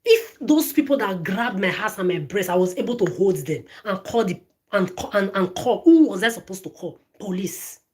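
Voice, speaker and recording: A woman's voice: medium pitch, expressive, normal speed, darkish tone. A woman ranting straight at her phone camera, swearing often, stammering and repeating words and phrases. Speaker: vlogger. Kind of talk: angry direct-to-camera rant.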